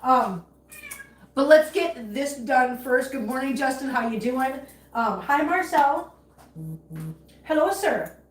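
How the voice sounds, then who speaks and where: A woman's voice: sits high, expressive, slow, long pauses, reverberant. A woman hosting a casual livestream from her home kitchen while she cleans, chatty and emphatic, upset and holding back tears. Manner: chatty, emphatic, repeats herself when upset. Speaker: cat channel livestream host.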